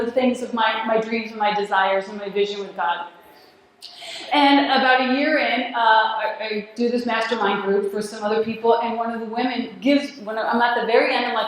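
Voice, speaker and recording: A woman's voice: fairly high pitch, a little fast, a bit bright. A woman telling a personal story in a talk, acting out the dialogue and laughing often. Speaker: speaker at a spiritual community gathering. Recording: very echoey hall.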